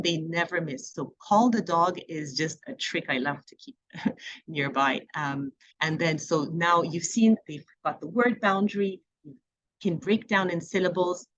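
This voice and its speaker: A woman training reading volunteers, talking through classroom activities in a relaxed, conversational way with plenty of fillers. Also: fairly low pitch, dry recording, highs cut off. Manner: conversational teaching with fillers and playful classroom examples. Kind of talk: training presentation.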